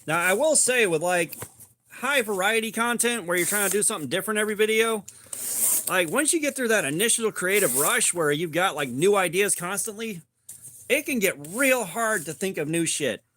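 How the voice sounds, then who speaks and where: A man's voice: sits high, expressive, normal speed, sharp tone, slight background noise. A man hosting a casual livestream, rambling loosely with lots of "like" and some swearing, and greeting chat viewers by name. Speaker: livestream host.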